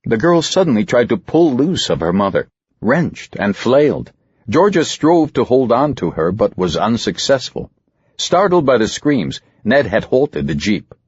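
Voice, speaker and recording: A man narrating an audiobook in a dramatic, expressive reading style. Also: medium pitch, a little slow, husky, dry recording. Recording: muffled lo-fi recording.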